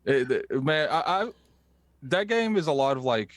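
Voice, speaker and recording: A man's voice: medium pitch, lively intonation, normal speed, background noise. A man co-hosting a casual gaming podcast over a call, talking with many restarts and small laughs. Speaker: podcast co-host. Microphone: remote call mic.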